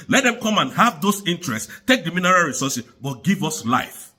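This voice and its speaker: A man's voice: high voice, animated, fast talker, pushed and bright. A man from Nigeria delivering an angry, insistent political rant to the camera, repeating his points. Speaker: political commentator.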